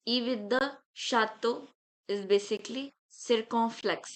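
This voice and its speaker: A woman teaching beginners, speaking slowly and deliberately as she pronounces each letter. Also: mid-range voice, fairly even intonation, low-quality recording. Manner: slow, deliberate letter-by-letter pronunciation. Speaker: French teacher. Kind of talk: beginner language lesson.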